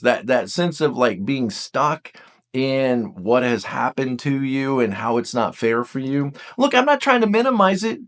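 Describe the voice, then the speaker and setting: A man's voice: medium pitch, unhurried. A man teaching about the Enneagram in a casual spoken lesson, talking straight to the viewer and reading book passages aloud with comments on them. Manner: animated, talks straight to the viewer.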